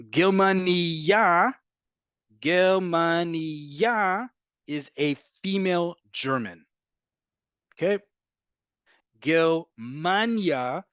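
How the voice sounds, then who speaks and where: Guy teaching hebrew online, kinda high voice, super emphatic, keeps saying folks, dry close sound. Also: no room sound, highs cut off. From from an American family. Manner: emphatic, repeats and drills pronunciations, addresses viewers as folks. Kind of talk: live online language class.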